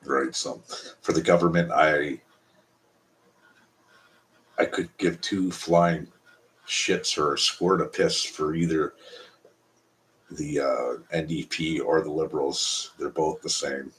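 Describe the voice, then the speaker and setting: A man's voice: very deep voice, steady tone, takes it slowly, long pauses, fairly bright tone, slight background noise. A Canadian man hosting a casual live stream, talking bluntly and profanely in a rambling way.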